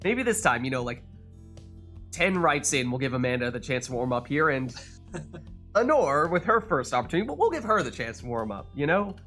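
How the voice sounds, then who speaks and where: A man's voice: mid-range voice, big pitch swings, a little fast, a bit bright, faint music behind. A man hosting a community game livestream, casting matches and chatting with players in an upbeat, friendly way. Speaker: stream host and caster. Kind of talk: casual livestream commentary.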